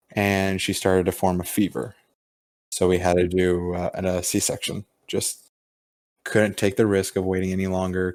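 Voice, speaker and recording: Low-voiced man telling a story. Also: a little mellow, no echo. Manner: storytelling with acted-out quotes, swears freely. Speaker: podcast host. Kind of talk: casual chat.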